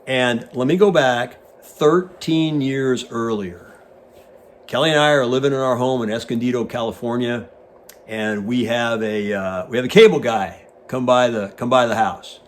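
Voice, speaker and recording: A man's voice: medium pitch, normal speed, a little hiss or hum. Casting: man, 60s, ex-pilot host spinning a casual yarn in an average, mid-range voice. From United States. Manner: animated storyteller who acts out quoted dialogue. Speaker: guest host, retired Navy pilot. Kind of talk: casual anecdote telling.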